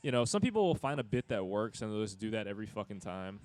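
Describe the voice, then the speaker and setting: A man talking in a relaxed, casual podcast chat, saying "you know" a lot and swearing freely. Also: lowish voice, fast talker.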